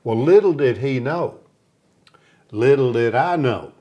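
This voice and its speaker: A man's voice: medium pitch, measured pace, dull audio. A man who is a guest on an interview show, telling stories and acting out what other people said. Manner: lively storyteller who acts out other people's lines. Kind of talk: storytelling in a casual interview.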